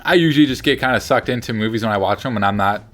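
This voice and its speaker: A man's voice: mid-range voice, very fast, fairly bright tone, faint music behind. A man co-hosting a movie review show, chatting casually and enthusiastically with many restarts. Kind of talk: casual chat.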